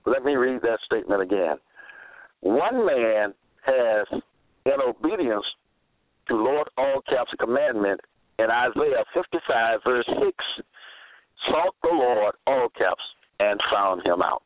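Man preaching, very slow, deliberate, repetitive, phone-line sound, dry. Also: mid-range voice, expressive, dry recording. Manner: deliberate, spells words out, repeats phrases for emphasis. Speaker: religious preacher. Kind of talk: slow scripture-quoting sermon monologue.

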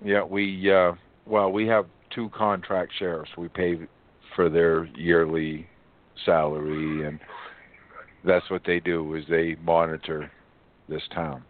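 A man with a low voice talks unhurriedly in a casual radio chat, drawing out each detail as he lists it. He sounds thin and tinny, like he is on a phone line. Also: flat delivery, takes it slowly.

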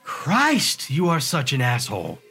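A man voicing a sharp-tongued young woman bartender and hacker, talking bluntly and casually in an audiobook. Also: medium pitch, huge pitch swings, unhurried, husky, faint music behind, heavily acted. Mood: reproachful.

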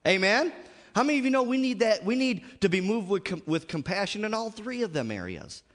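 A man's voice: high-pitched, big pitch swings, a little fast, fairly bright tone, long reverb tail. A man preaching a sermon to a congregation, repeatedly calling out "Amen?" and asking the audience questions. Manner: call-and-response, frequent "Amen?" and "How many of you know". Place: church sanctuary.

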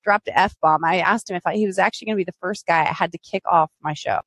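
A woman's voice: on the low side, brisk, no room sound. A woman from the United States hosting a live podcast interview, playful and teasing in a bubbly way. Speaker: podcast host.

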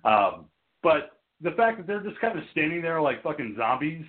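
Male podcast host, lively pitch, casual swearing, thin phone-quality audio. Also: normal speed, slightly rough. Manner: laughing often, acts out scenes in raised voices, swears freely. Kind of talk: casual film-review chat. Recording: tinny phone-like line.

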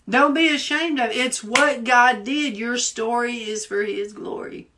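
Slow tearful Southern woman praying. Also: a little high, sharp tone, slight background noise. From Southern United States. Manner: fervent, emphatic, repeats phrases for emphasis. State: tearful, holding back tears. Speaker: preacher. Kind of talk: live prayer and prophetic exhortation.

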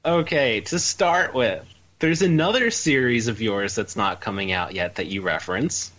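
A man's voice: mid-range voice, normal speed, a bit bright, poor audio. A man co-hosting a podcast interview, asking questions in a playful, teasing way. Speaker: podcast co-host.

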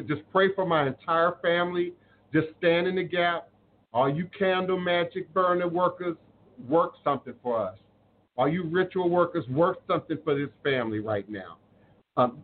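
Earnest preachy man on a tinny line. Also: fairly high pitch. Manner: earnest, preachy, repeats phrases for emphasis. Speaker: spiritual live-stream host. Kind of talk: live-stream talk, reading viewer comments. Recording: phone-like audio with faint noise.

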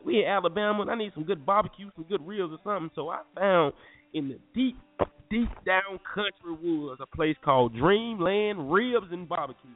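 A young man from North Carolina, animated and slangy, telling a story to listeners as a podcast host. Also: high voice, moderate pace. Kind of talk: casual storytelling. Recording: phone-like lo-fi audio with faint music.

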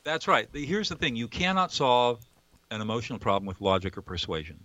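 A man with a bright, forceful voice lays out ideas in an earnest, lecturing way as an interview guest. The sound is dry and a little dull. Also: medium pitch, fairly quick, dry recording. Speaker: guest, mediator and author. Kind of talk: explanatory interview talk.

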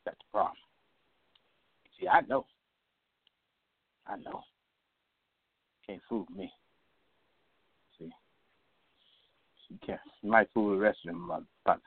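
A man's voice: lowish voice, takes it slowly, long pauses, husky, dry recording. Cursing man on a tinny phone line. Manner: cursing, combative, repetitive. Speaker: phone-line talk show host. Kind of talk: profane rant on an open phone line.

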